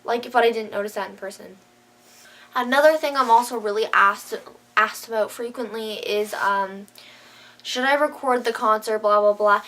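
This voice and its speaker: A woman's voice: a little high, normal speed, fairly bright tone. A woman vlogger chatting casually to camera, gushing and filling her talk with "like". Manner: gushing, says "like" a lot.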